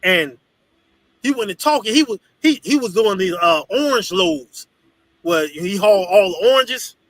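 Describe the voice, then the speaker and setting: A man teaching a congregation in an animated, profane, storytelling preaching style. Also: high voice, unhurried, no echo, low-quality recording. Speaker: religious teacher.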